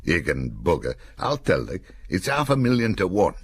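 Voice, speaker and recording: A man's voice: low-pitched, wildly swooping pitch, moderate pace, husky, no room sound, full character voice. A man voicing a blunt, teasing army sergeant who talks in broad dialect. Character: gruff blunt middle-aged male army sergeant.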